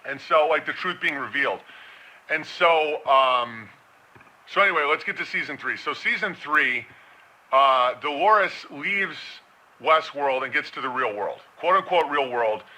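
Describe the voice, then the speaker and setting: A man's voice: a little high, expressive, measured pace, bright, forceful tone, poor audio. A man giving a casual, rambling commentary monologue, slipping into mocking impressions.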